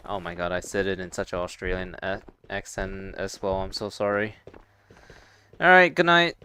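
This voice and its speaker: A young man streams a VR game and chats casually with viewers, rambling in a stop-start way with some swearing. His voice sits low with a level tone, normal speed and a fairly bright quality, with slight background noise.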